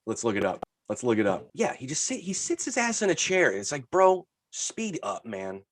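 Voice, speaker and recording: A man co-hosting a podcast, telling stories in casual chat with lots of swearing and lively retellings. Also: mid-range voice, brisk, no room sound. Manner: profane, animated storyteller. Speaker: podcast co-host.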